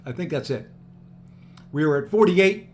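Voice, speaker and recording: A man's voice: a little high, expressive, normal speed. A tired, upbeat man live-streaming a video game, chatting casually and thanking viewers by name as he plays.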